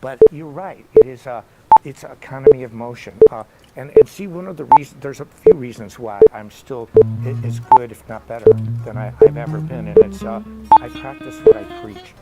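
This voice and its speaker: Over loud electric guitar, a middle-aged man teaches a casual one-on-one guitar lesson, wandering into stories and side remarks. He speaks at a moderate pace in a mid-range voice, and the recording is rough.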